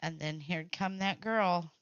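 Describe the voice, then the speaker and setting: Hosting a craft livestream, a woman talks a little slowly in a low-leaning, clean-toned voice without echo. The recording is dull and lo-fi; her casual chat runs blunt and salty, punctuated by frequent laughter.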